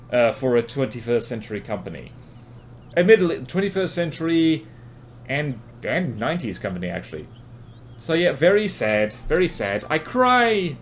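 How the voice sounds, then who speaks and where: A man's voice: mid-range voice, a little hiss or hum. A man from New Zealand with a New Zealand accent, giving rambling, self-mocking commentary over his gameplay. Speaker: gaming commentator.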